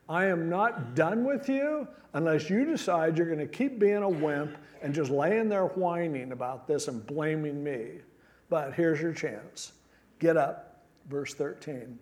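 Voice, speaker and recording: A man with a somewhat high voice preaches a sermon verse by verse. He moves between reading scripture aloud and casual, joking asides in everyday slang. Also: measured pace, darkish tone. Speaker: pastor. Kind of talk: expository sermon.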